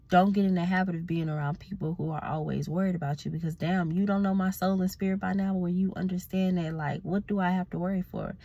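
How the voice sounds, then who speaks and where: Sleepy, gravelly-voiced woman ranting. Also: lowish voice, dry recording. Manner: blunt, profane, animated ranting. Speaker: self-reflection coach. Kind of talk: casual vlog talk to camera.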